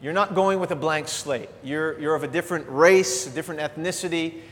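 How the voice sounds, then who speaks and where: A middle-aged man preaching a sermon as a pastor, animated and earnest, dropping into soft, quiet asides. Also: on the high side, brisk. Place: church sanctuary. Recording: long church hall reverb.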